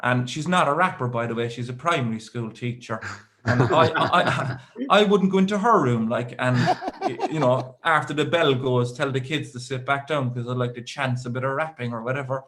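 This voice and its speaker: A man's voice: mid-range voice, a little fast, few pauses, a bit bright. An Irish man in his thirties doing a stand-up comedy set, rambling through stories with dry asides.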